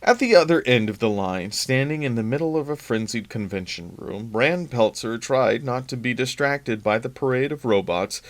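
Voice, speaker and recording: A man, a regular reader on a local channel, reading a novel aloud in steady, plain narration. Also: medium pitch, moderate pace, few pauses.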